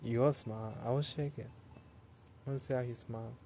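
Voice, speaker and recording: A man's voice: mid-range voice, fairly even intonation, fairly quick, dark tone, slight background noise. Tired young man streaming outdoors at night. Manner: tired, loose, laughs often, chatty with viewers. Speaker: live streamer. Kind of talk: casual late-night live stream chat.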